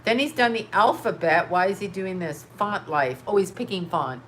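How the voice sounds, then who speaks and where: A woman hosts a loose, rambling commentary, swearing freely and breaking into laughter again and again. Her voice sits at an ordinary middle pitch. A faint background noise runs under her talk. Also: animated, moderate pace. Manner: profane, laughs often, frank and rambling. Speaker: host.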